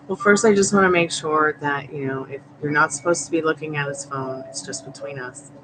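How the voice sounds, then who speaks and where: A woman's voice: deep voice, normal speed, background noise. A woman doing a live tarot reading, chatting and rambling with viewers, laughing often. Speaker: tarot reader. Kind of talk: live-stream chat with viewers.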